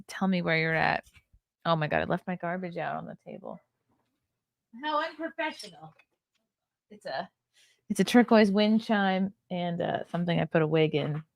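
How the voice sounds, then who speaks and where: A woman's voice: lowish voice, creaky, darkish tone, no echo, studio quality. A tired, yawning woman hosting a podcast, chatting casually with her viewers and rambling between comments from the chat. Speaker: podcast host.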